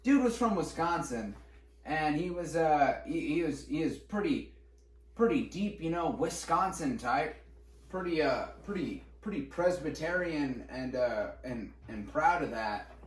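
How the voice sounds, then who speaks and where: A young man co-hosting a podcast, telling school stories in casual chat, animated and profane, laughing as he goes. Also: on the high side, a little slow. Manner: animated, swearing, laughing while recounting. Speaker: podcast co-host. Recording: echoey room, mic at a distance, faint noise.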